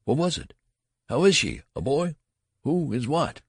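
A man voicing a frantic, nervous gentleman and new father who pleads in breathless questions. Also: mid-range voice, wildly swooping pitch, brisk, dry recording, clean studio sound, voice pushed up.

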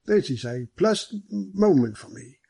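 Reader voicing a big genial older superintendent, hearty and affable, pitched up, husky dry read. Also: male voice, animated, unhurried, dark tone, no echo, heavily acted. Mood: welcoming. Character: large genial grey-haired police superintendent.

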